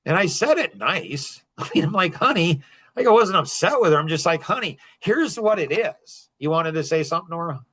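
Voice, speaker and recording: A middle-aged man hosting a podcast, telling a personal story to a small group in an animated way, chuckling often between points. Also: on the high side, fast, hardly any pauses, slightly rough. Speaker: podcast host.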